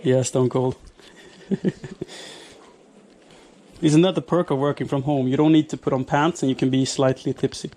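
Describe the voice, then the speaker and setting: A man's voice: medium pitch, steady tone, normal speed, pauses often, dark tone. A man live-streaming, chatting casually and reading chat while tidying cables. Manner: chatty, rambling, reads chat aloud, frequent restarts and laughs.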